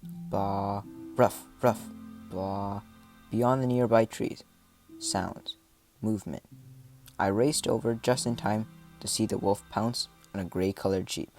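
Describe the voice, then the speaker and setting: A man reading a first-person adventure story aloud, with dramatic delivery and voiced shouts and animal sounds. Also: lowish voice, fairly even intonation, a little slow, soft background music. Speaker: audiobook narrator.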